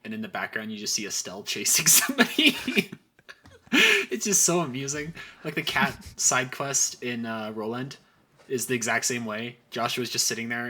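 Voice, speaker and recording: A man's voice: medium pitch, pushed and bright. A young man co-hosting a casual podcast chat, laughing often as he retells scenes. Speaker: podcast co-host.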